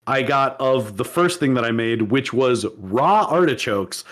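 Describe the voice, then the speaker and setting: A man's voice: mid-range voice, expressive, unhurried, fairly bright tone. A man co-hosting a podcast in casual chat, rambling with restarts and laughing often. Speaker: podcast co-host.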